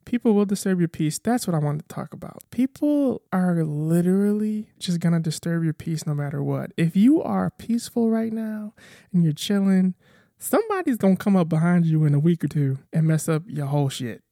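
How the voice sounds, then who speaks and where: Young podcast host, loose playful solo chat, rapid rambling delivery, relaxed mellow tone. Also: medium pitch, dry recording, studio quality. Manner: rambling, talks very fast; playful, jokes at own slips.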